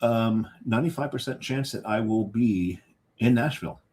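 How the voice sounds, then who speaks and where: Low-voiced man chatting on a podcast. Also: normal speed, a little mellow, breathy edge. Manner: chatty, tells anecdotes, laughs often. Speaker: podcast co-host. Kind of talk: casual chat.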